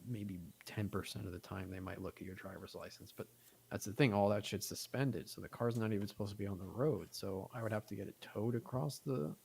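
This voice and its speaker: A man's voice: lowish voice, gravelly, darkish tone, husky. A man chatting casually as a podcast guest, rambling through stories with many fillers. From United States.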